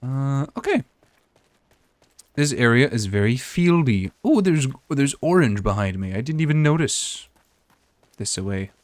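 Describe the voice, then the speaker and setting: A man giving casual, relaxed gameplay commentary as a streamer, chatting and thinking aloud. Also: medium pitch, measured pace, long pauses, no room sound.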